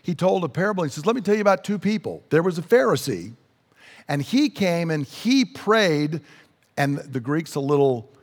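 A man's voice: on the high side, in a large hall. A man preaching a sermon, explaining scripture in an earnest teaching manner. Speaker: pastor.

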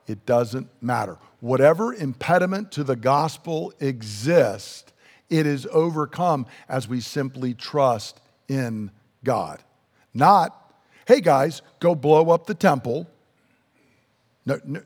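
A man with a slightly high voice preaches a sermon earnestly and emphatically, slowing down to stress key words. A long reverb tail trails his speech.

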